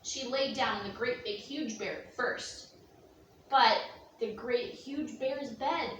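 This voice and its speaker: A woman telling a children's story to young listeners in an expressive, slow storytelling manner, recorded in an echoey room from a distance. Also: a little hiss or hum. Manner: expressive, slow, with gasps and sweeping pitch. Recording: echoey room, distant mic, faint ambience.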